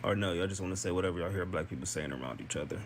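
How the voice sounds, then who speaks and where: A man's voice: sits low, very fast, slight background noise. A man ranting in an exasperated way during a casual group conversation.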